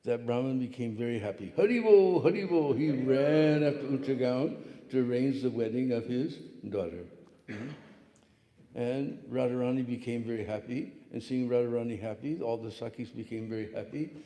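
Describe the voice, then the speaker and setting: Mellow-voiced man telling a devotional story. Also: medium pitch, moderate pace. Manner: animated storyteller, checks in with "hmm?". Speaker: spiritual lecturer. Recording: echoey hall.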